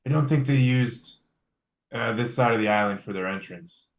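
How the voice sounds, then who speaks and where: A man's voice: mid-range voice, normal speed. A man playing a tabletop game, easygoing and joking. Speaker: player. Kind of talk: casual tabletop play. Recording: roomy echo.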